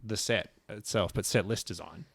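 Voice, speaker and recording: A man's voice: fairly low pitch, normal speed, gravelly, husky, dry recording, clean studio sound. A man co-hosting a casual music podcast, joking and rambling with self-deprecating asides. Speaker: podcast co-host. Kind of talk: casual chat.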